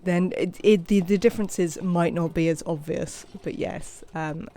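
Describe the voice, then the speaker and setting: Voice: medium pitch, fairly even intonation, unhurried, mellow. English-accented live game streamer, conversational, talks to chat and to the characters on screen. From England. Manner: chatty, greets viewers and scolds game characters. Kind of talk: live video game commentary.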